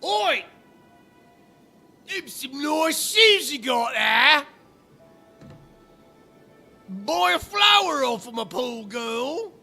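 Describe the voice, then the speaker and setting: A man voicing a brash London street rogue, loud, coarse and mocking. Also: very high voice, very animated, very slow, pauses often, soft background music, voice pushed up, exaggerated voice.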